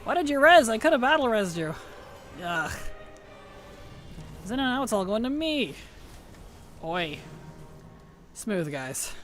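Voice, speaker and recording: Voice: mid-range voice, sing-song, slow pace, pauses often, fairly bright tone, faint music behind. A streamer chatting casually while playing, laughing often and answering questions from chat.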